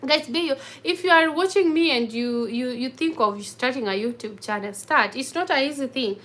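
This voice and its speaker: A woman's voice: on the high side, expressive, moderate pace, fairly bright tone. A woman vlogger talking casually to the camera in earnest, encouraging English that is not her first language, often restarting her phrases. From grew up in a village. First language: mother tongue not English.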